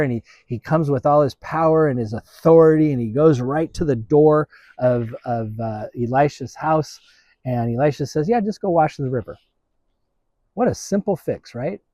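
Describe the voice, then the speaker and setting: A man preaching a sermon as pastor, speaking in a halting way with frequent restarts. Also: medium pitch, warm tone, dry recording, highs cut off.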